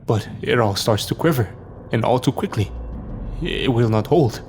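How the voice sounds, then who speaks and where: A man's voice: mid-range voice, moderate pace, darkish tone, soft background music. A man narrating a scripted first-person horror story. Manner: dramatic first-person storytelling, lines for each character read aloud.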